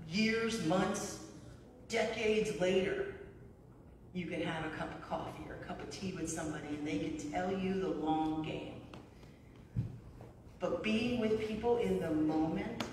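A middle-aged woman preaches in a relaxed, storytelling way, checking in with the congregation by asking "right?" as she goes. Her voice comes from well away from the mic and rings through a long, echoey church hall with faint room noise behind it. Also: lowish voice, unhurried, pauses often, far from the mic. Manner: conversational, storytelling, frequent "right?". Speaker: pastor. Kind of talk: sermon. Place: church sanctuary.

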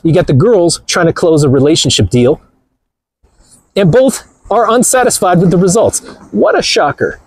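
A man's voice: a little high, slightly rough, no echo. A man hosting a livestream while walking outdoors near the ocean, talking in a mocking, playful way and laughing often. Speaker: livestream host. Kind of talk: joking livestream chatter.

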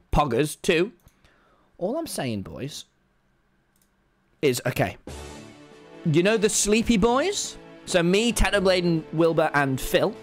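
Young british guy streaming, swears a lot, voice jumps all over, slightly high, faint music behind. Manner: rambling, excitable, sweary. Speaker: livestream host. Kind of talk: casual gaming stream chat.

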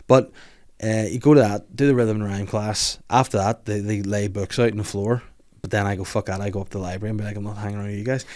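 Fast-talking sweary man. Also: fairly low pitch, steady tone, a little mellow. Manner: sweary, jokey, rambling with restarts. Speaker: podcast host. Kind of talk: casual podcast chat.

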